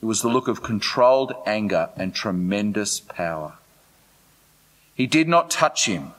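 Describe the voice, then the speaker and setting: A man voicing a male eyewitness who slowly retells a strange scene in a synagogue, in a reverberant hall. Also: lowish voice, expressive, a bit bright, voice pushed down. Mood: awed.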